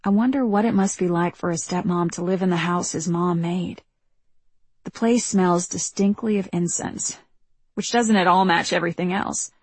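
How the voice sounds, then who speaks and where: A woman narrating a first-person audiobook in a measured, reflective way, recorded close on a studio mic. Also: lowish voice, breathy edge, no room sound.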